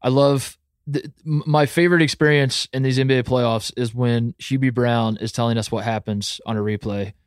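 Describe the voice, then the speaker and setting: A man's voice: medium pitch, steady tone, moderate pace, clean tone, no room sound. Male co-host, casual sports banter, rambling delivery with laughs, dry recording. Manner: rambling, many restarts, laughing asides. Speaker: podcast co-host.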